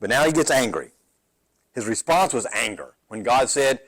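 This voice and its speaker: A man's voice: medium pitch, animated, normal speed, fairly bright tone. A man pastor teaching a midweek Bible study in a conversational way. He often checks in with "right?" and repeats words as he goes. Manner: conversational, asks the group questions like "right?".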